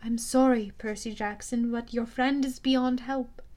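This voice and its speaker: Woman doing a young goddess, stern, measured, commanding, high. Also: steady tone, a little mellow, natural voice. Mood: stern calm. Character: stern, calm young goddess of the hunt, girl.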